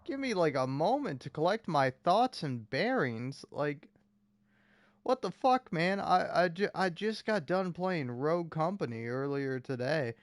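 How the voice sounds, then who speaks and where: A man's voice: a little high, animated, a little slow, dry recording. A young man casually narrating gameplay, often swearing, stammering and mocking himself, recorded at a home setup. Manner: exasperated, stammering, self-mocking. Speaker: gaming channel host. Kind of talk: casual profane gameplay commentary.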